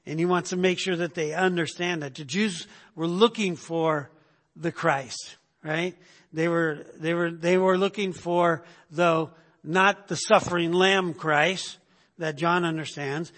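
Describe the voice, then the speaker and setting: A man's voice: a little high, a bit bright, in a large hall. A man teaching a sermon in a conversational way, often stopping to ask "right?" and repeating words as he goes. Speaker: preacher.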